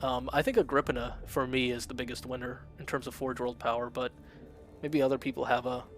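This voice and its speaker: A man's voice: mid-range voice, little pitch movement, fairly quick. A man chatting casually on a game stream, rambling with lots of fillers and reading chat aloud. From Russian-speaking family, immigrated to America. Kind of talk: casual live-stream chat while gaming.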